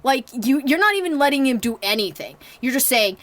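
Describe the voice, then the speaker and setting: A chatty young woman talks through a movie review in a slightly high voice, rambling with plenty of fillers and restarts. She acts out her reactions as she goes. The sound is dry and close, with no room around it. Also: very animated, fairly quick, hardly any pauses, a bit bright, no room sound. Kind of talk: casual spoken movie review.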